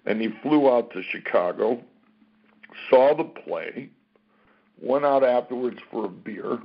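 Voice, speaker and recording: A man telling a career story as an interview guest, animated, acting out what people said and swearing freely. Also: medium pitch, unhurried, creaky. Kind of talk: casual anecdote-telling. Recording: dull lo-fi recording.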